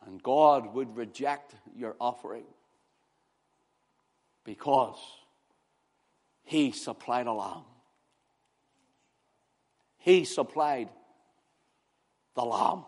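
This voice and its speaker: A man preaching an impassioned sermon, swinging from loud exclamations to hushed words. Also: medium pitch, expressive, very slow, pauses often.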